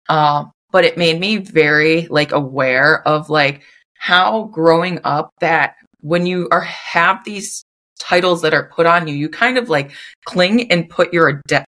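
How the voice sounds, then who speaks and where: A woman's voice: sits low, fairly bright tone. A young woman hosting her own podcast, talking loosely and unscripted with lots of "like" fillers. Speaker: podcast host. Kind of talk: casual solo podcast chat.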